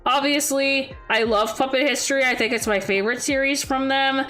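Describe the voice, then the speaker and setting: A woman's voice: high-pitched, fairly even intonation, a little fast, a bit bright. A young woman streaming and chatting casually with viewers, rambling and giggling as she talks.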